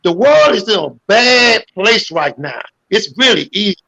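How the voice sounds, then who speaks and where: A man calling in to a livestream chat, talking in an animated, preachy way and swearing freely. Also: sits high, moderate pace, vocal fry, low-quality recording. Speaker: guest caller.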